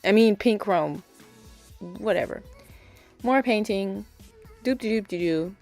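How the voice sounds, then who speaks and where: Rambling young woman vlogger, low-pitched. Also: a little slow, a little mellow, soft background music. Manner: rambling, filler-heavy, self-correcting. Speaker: nail art vlogger. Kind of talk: casual voice-over chat.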